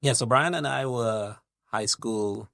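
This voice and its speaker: A middle-aged man from Trinidad, a guest investor speaking in a measured, reflective interview manner, building his points with analogies and lists. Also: medium pitch, vocal fry, fairly bright tone, no echo, clean studio sound.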